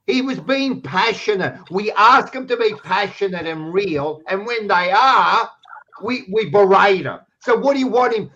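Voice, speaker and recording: A high-voiced Australian man who rants hard and swears freely through a football argument. His voice comes through a dull, muffled recording. He talks bluntly and keeps pushing his point. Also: fairly bright tone. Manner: blunt, swears a lot, ranting. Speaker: podcast co-host. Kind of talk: heated footy banter.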